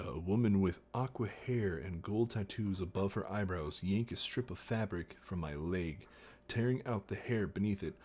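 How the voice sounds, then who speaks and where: Brief: deep-voiced guy reading a novel live, unhurried, jokey asides on a desk mic. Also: darkish tone. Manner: slow reading broken by joking asides. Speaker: streamer. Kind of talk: casual storybook reading on stream.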